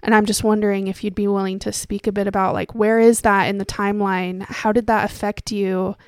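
Woman, podcast host, gentle careful questions, dry close mic. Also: mid-range voice, little pitch movement, fairly quick, clean tone, no echo. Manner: gentle, careful, hesitant phrasing. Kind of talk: interview questions.

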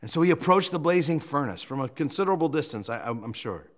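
A male pastor preaching a sermon, animated and joking as he retells a scripture story, with frequent restarts. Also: fairly high pitch, fast.

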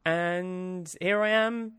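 A man, co-hosting a podcast in casual comedic chat, playful and quick to giggle. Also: high voice, steady tone, a bit bright, clear, resonant tone, no room sound, clean studio sound. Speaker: podcast co-host.

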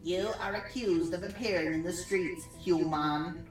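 A woman's voice: fairly low pitch, echoey room, far from the mic, over music, voice pushed down, natural voice, rough recording. Stern robot judge, put on by a woman. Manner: slow, flat pronouncements.

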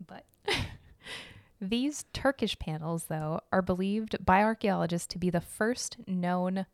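A woman's voice: on the low side, no room sound, clean studio sound. A young woman with a Midwestern American accent, hosting a casual art history podcast with a chatty, giggly, self-deprecating manner. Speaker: podcast host.

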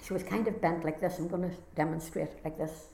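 A woman's voice: low voice, fairly even intonation, fairly quick, gravelly, warm tone. A woman with a Northern Irish accent giving an earnest, heartfelt personal testimony as a conference speaker. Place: conference hall. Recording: echoey hall sound.

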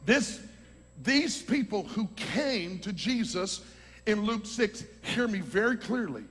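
A man preaching a sermon, teaching from scripture with fervent, shouting emphasis. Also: sits high, sing-song, slow pace, slightly rough. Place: large hall with a congregation. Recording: long hall reverb.

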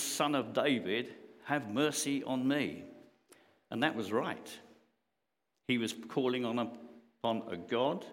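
A male preacher delivers a sermon with an animated voice that rises and falls freely. He speaks earnestly and conversationally, pressing his questions home. A long church reverb trails behind each phrase. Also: on the low side.

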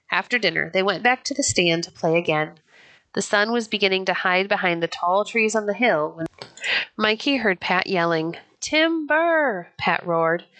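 A woman narrating a children's pioneer story in a clear, even, unhurried storybook reading. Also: lowish voice. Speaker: audiobook narrator.

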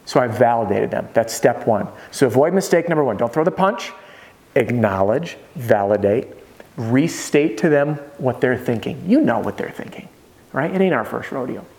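A man coaching salespeople in an energetic, conversational way, often checking in with his listeners. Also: mid-range voice, moderate pace. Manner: energetic, conversational, peppered with "right?" check-ins. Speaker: roofing sales trainer. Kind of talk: motivational sales coaching monologue.

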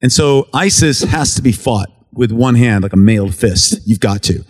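An earnest American man tells a church congregation stories from his relief work, in a plain, conversational testimony style. His voice sits at a middle pitch for a man, and he slips into the voices of the people in his stories as he recounts their words. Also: lively intonation, normal speed, darkish tone, husky. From United States. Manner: earnest, conversational, acts out dialogue while telling stories. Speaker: relief worker giving a mission report to a church. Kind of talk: storytelling testimony talk.

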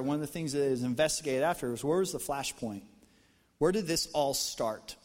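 An American man preaching a sermon as pastor, talking to the congregation in a lively, conversational way with jokes. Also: mid-range voice. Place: church auditorium. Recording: long reverb from a church hall.

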